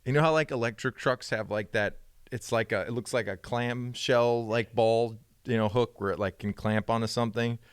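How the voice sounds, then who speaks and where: A man's voice: normal speed, smooth, dry recording, clean studio sound. A man co-hosting a podcast, chatting casually and acting out the voices in his stories. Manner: animated storyteller, acts out quoted dialogue with rising pitch. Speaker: podcast co-host. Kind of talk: casual chat.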